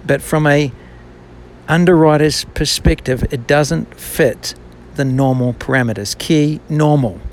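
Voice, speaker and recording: A man's voice: a little high, measured pace. A man with a slightly raised voice tells a personal faith story, candid and reflective. He pokes fun at himself as he goes. A faint hum sits behind him. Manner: candid, self-deprecating, reflective. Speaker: business owner, former banker.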